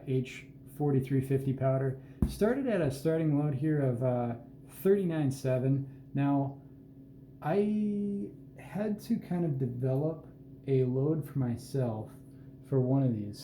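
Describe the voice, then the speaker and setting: Man, host, casual bench walkthrough; very dark, mellow voice; roomy echo, faint background hum. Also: medium pitch. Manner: unhurried, plain-spoken, self-deprecating asides. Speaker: host showing his hand loads. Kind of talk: casual hands-on explanation. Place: indoor reloading bench.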